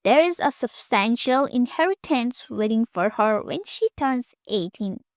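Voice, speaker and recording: A woman voicing a slow, scheming old grandmother. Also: fairly high pitch, expressive, no room sound, clean studio sound. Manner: slow, cold and scoffing.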